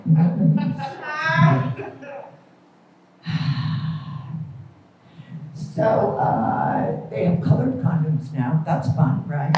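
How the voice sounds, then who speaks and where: A woman's voice: lowish voice, expressive, takes it slowly, background noise. A middle-aged woman performing a stand-up comedy set at a club, self-deprecating and wry. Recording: echoey, distant, muffled room recording.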